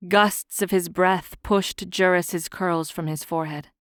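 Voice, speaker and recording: A woman narrating a fantasy audiobook in a measured, soft-spoken reading on a close studio mic. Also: on the low side, fairly even intonation, no echo.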